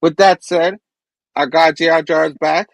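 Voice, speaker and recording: A man co-hosting a casual comic book review, speaking relaxed and loose with lots of fillers. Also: on the high side, a little slow, vocal fry, no echo. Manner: relaxed, filler-heavy, lots of "you know what I mean". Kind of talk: casual chat.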